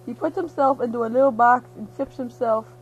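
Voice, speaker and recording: A high-voiced young woman, drowsy and slap-happy, tells a rambling, nonsensical version of a movie plot. She giggles often and slips into quick voices for the characters. A faint hum sits behind her home recording. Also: highs cut off. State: half-asleep, giddy. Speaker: storyteller. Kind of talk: rambling comic retelling of a movie.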